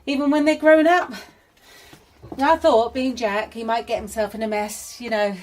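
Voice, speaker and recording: A motherly middle-aged woman, played by an actress, chatty and kind but sharp underneath. Her voice sits fairly high, with a faint hiss behind it. It is a radio drama. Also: fairly even intonation, normal speed, close to an everyday voice. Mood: kindly. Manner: warm, chatty, gently probing.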